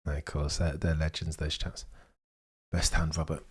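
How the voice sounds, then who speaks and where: A young man hosting a live watchalong stream, chatting excitedly with his viewers and bantering as he goes. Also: rumbling low, moderate pace, slightly rough.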